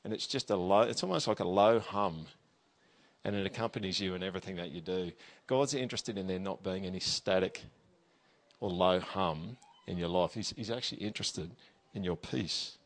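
A pastor giving a sermon, reading scripture aloud with emphasis and talking to the listener in a conversational way with frequent tag questions. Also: male voice, sits low, normal speed.

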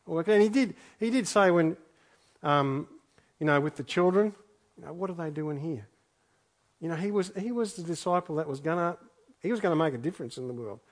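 A man's voice: fairly high pitch, animated, brisk. A man preaching a sermon, reading scripture aloud and then reflecting on it in an earnest way, often repeating his phrases for emphasis. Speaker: pastor.

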